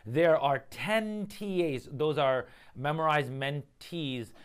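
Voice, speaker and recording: A man leading a casual team meeting over a video call, talking energetically and quickly. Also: on the high side, clear, resonant tone. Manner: energetic, quick, animated retelling. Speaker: program lead.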